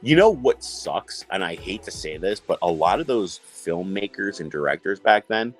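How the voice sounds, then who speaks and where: A low-pitched man from New York swings his voice up and down as he tells a story, swearing freely and acting out what people said. Faint music runs behind him. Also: big pitch swings, normal speed, rough recording. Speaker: host. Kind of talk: casual chat.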